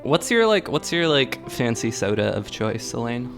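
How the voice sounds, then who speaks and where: A man with a gravelly, creaky voice at an ordinary pitch, chatting casually as he hosts a songwriting session. He talks in a playful, rambling way, stringing thoughts together with plenty of "like" and quick laughs. Faint music sits underneath. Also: very animated. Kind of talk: casual chat.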